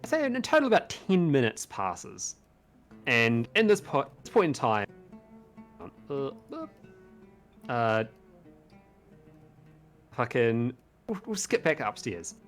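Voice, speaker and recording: A man's voice: medium pitch, sing-song, takes it slowly, pauses often. A man narrating as game master of a tabletop game, casual and loose, swearing now and then. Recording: faint music behind.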